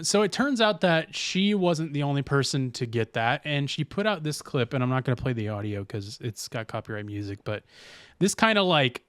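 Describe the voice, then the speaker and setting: Male podcast host, casual and rambling, reads text aloud with stumbles, dry close sound, mid pitch. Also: fairly bright tone, clear, resonant tone, no room sound. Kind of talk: casual chat.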